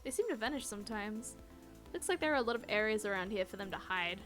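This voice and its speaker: A woman's voice: medium pitch, lively intonation, quick pace, fairly bright tone, soft background music. Giggly woman streaming a game. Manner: giggly, chatty, sleep-deprived. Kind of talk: game let's-play commentary.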